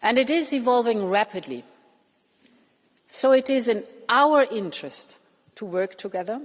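A woman politician giving a formal, deliberate speech. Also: on the high side, lively intonation, in a large hall.

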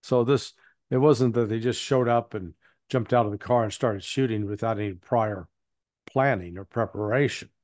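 A man's voice: lowish voice, normal speed, darkish tone, no echo. Blunt male analyst, dry close voice. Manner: rambling, frequent restarts and fillers, blunt. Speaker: interview guest, analyst. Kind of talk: casual spoken commentary.

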